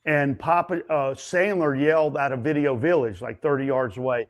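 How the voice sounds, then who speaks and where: A stuntman and actor telling set stories as an interview guest, animated and chatty, acting out other people's lines. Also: medium pitch, moderate pace, hardly any pauses. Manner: frequent fillers and restarts. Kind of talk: casual storytelling interview.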